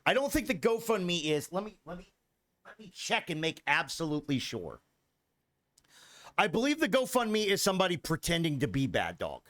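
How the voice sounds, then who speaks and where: A man's voice: a little high, wildly swooping pitch, moderate pace, a bit bright. A young man streaming a video game, swearing freely and talking back to his chat with exasperation. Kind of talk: casual gameplay commentary.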